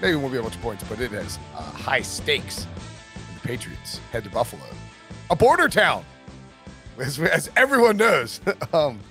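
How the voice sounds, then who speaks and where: A man hosting a sports betting podcast, talking in a jokey, animated way and laughing often. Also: medium pitch, moderate pace, faint music behind. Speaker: podcast host. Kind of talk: casual sports betting chat.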